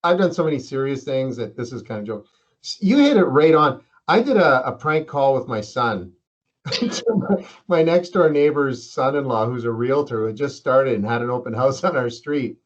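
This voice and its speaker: A man's voice: mid-range voice, animated, moderate pace. A man hosting a casual interview, joking around and rambling through anecdotes. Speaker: interview host. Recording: dull lo-fi sound.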